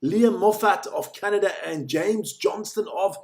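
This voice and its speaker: Excitable higher-voiced male race commentator. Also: a little slow, creaky. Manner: chatty, joking, excitable during races. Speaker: live watch-along commentator. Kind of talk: casual live race commentary.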